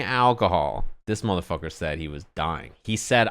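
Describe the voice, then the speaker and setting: A man telling a story casually on a stream, animated and profane, with lots of asides. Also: lowish voice, normal speed, hardly any pauses, clean tone. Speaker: streamer and commentator.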